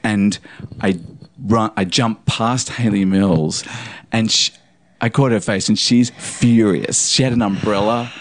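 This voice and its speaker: Animated man telling a backstage story. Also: lowish voice, a little slow, no room sound. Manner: animated, vivid, swears freely. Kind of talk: casual storytelling.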